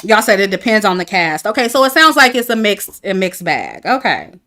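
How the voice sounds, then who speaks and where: A woman's voice: medium pitch, big pitch swings, a little fast, sharp tone. A woman, talking casually to her chat about a dating show, candid and laughing often. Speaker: reality TV commentator. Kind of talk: casual review livestream.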